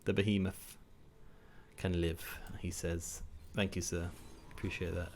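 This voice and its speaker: A man's voice: on the low side, slow pace, vocal fry, a little mellow. A man hosting a gaming video, giving casual gameplay commentary, chatty and self-mocking as he thinks aloud.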